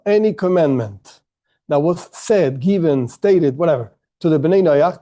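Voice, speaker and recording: A man gives a class in a high, soft, mellow voice. He explains patiently, circling back and rephrasing as he builds his point. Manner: explains step by step with frequent restarts and rephrasings. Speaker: teacher. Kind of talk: online class lecture.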